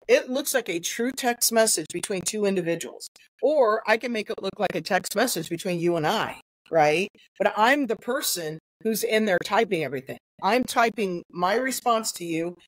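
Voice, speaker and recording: A woman's voice: lowish voice, no room sound, poor audio. A middle-aged woman, a guest investigator and trainer, explaining earnestly in conversation, with many fillers and restarts. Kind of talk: conversational interview answer.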